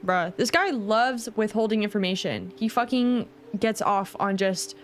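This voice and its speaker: A woman's voice: medium pitch, expressive, unhurried, hardly any pauses, soft background music. A woman hosting a let's-play video, casual and slangy, swearing freely as she comments on the game. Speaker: gaming video host.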